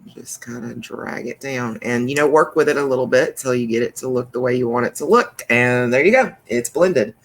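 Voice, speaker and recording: A woman's voice: very deep voice, normal speed, few pauses. A woman hosting a craft channel, chatting through a coloring demonstration in a rambling way with many fillers.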